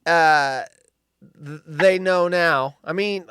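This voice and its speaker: A man co-hosting a casual talk show, speaking bluntly and swearing freely, getting loud when he quotes himself. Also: fairly high pitch, takes it slowly, a crowd in the background. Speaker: podcast co-host. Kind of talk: casual chat.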